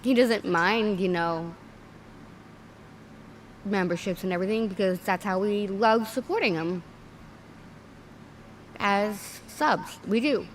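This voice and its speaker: A woman's voice: medium pitch, slow, pauses often, slight background noise. A woman hosting a livestream, speaking earnestly and close to tears. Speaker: livestream host. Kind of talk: emotional livestream commentary.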